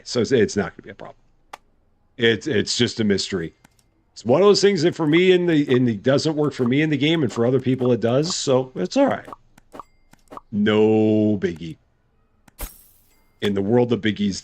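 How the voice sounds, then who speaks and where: A man's voice: medium pitch, big pitch swings, normal speed, gravelly, darkish tone. A man giving casual live gameplay commentary as a streamer, chatty and good-humored, thinking aloud. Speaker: game streamer.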